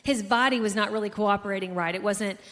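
A woman with a mid-pitched voice co-hosts a faith-based marriage talk. She speaks sincerely and in an encouraging way. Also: fast, fairly bright tone. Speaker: co-host of a marriage show.

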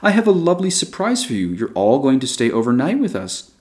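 A man reading a story aloud, voicing a gentle, persuasive female schoolteacher who speaks softly and coaxingly. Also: mid-range voice, wildly swooping pitch, brisk, voice pushed up.

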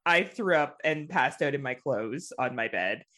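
A woman co-hosting a podcast, telling a party story in casual chat, animated, laughing often and swearing freely. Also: very deep voice, unhurried. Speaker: podcast co-host.

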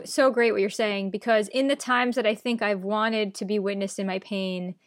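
A woman's voice: mid-range voice, dry recording, clean studio sound. A woman hosting a podcast interview, effusive and enthusiastic in her praise of her guest. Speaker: podcast host. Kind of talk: interview chat.

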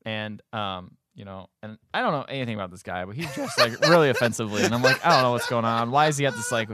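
A man's voice: on the low side, quick pace, over a noisy crowd. A man co-hosting a podcast, casually recapping a movie plot with laughs and quoted voices. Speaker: podcast co-host.

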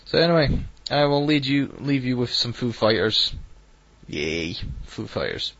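A man's voice: mid-range voice, normal speed, a bit bright, no room sound, highs cut off. A man hosting an online radio show, rambling and self-deprecating, hesitant as he signs off. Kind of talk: casual online radio chat.

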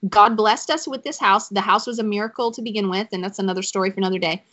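A woman's voice: medium pitch, quick pace, sharp tone, lo-fi sound. A woman, telling a personal faith story as a podcast guest, choking up at times.

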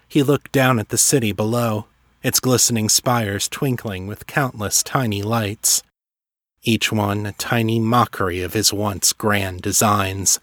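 A man narrating a fantasy story in a measured, dramatic way. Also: on the low side, steady tone, fairly bright tone, dry recording, studio quality. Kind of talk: scripted narration.

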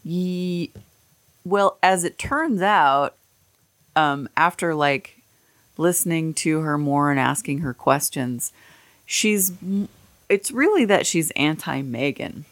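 A woman's voice: low-pitched, animated, takes it slowly, no echo. A woman hosting a podcast, chatting casually in a rambling, candid and profane way. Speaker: podcast host. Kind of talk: casual chat.

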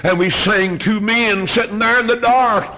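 A middle-aged man preaching a fiery storytelling sermon, moving from hushed tales to shouted exhortation. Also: high voice, fairly even intonation, normal speed.

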